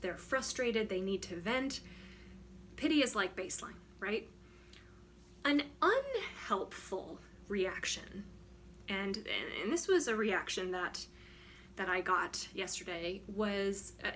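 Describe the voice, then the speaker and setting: A frank, emphatic woman with a bright, forward voice, talking casually to the camera as a wellness coach. She keeps checking in with "right?", and a faint hum sits under the recording. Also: medium pitch. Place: home studio.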